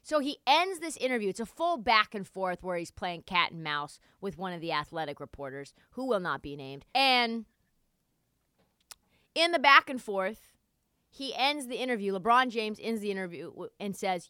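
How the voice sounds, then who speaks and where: Woman sports commentator, lively pitch, casual and sarcastic, dry close sound. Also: fairly quick, smooth, dry recording. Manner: animated, swears, sarcastic asides.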